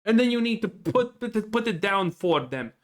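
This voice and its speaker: Give me a frustrated, foul-mouthed man with a high, lively voice ranting about a game. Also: moderate pace. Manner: frustrated, profane, exasperated. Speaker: gaming channel host. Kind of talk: ranting gameplay commentary.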